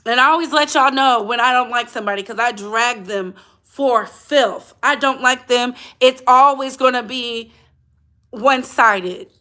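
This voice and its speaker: A woman's voice: fairly high pitch, measured pace, pushed and bright. A woman hosting a livestreamed gossip channel in blunt, chatty casual commentary, talking straight to her chat.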